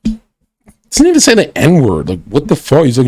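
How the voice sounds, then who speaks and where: A man's voice: mid-range voice, wildly swooping pitch, moderate pace, a little mellow, no room sound, faint music behind. A man ranting and mocking as he reacts to a video on a livestream, crude and profane.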